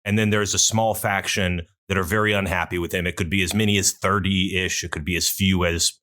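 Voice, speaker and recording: A man hosting an interview podcast, speaking in a measured way as he sums up the story and asks questions. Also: low voice, fairly even intonation, bright, forceful tone. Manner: measured, summarizing and asking questions. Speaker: podcast host.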